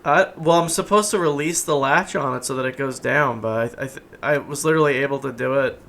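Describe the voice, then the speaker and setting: A man streaming a video game with animated, jokey, sweary commentary. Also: mid-range voice, a little fast. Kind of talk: casual let's-play commentary.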